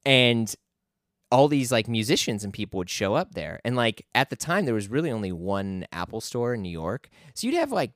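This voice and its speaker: A man's voice: mid-range voice, big pitch swings, moderate pace, fairly bright tone, no room sound, studio quality. A young man talking casually as a podcast guest, telling a rambling story full of fillers and restarts.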